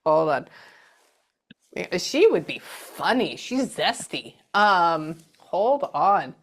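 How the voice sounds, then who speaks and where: A woman's voice: fairly low pitch, big pitch swings, slow, a bit bright. Chatty woman medium relaying messages. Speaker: medium giving a reading. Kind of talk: psychic reading session.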